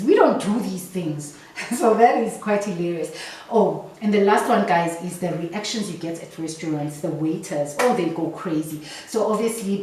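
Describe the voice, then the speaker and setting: A South African woman chatting casually to the camera as a vlogger, lively and talkative, and sometimes mimicking the people she quotes. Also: medium pitch. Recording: very echoey room, voice from a distance.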